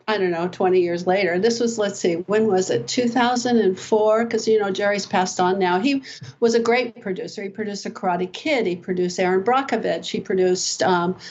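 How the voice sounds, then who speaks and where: A woman's voice: medium pitch, darkish tone, muffled recording. An older woman, a podcast guest and personal development coach, telling stories in a chatty, rambling way. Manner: chatty, rambling anecdotes with fillers. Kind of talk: animated storytelling in conversation.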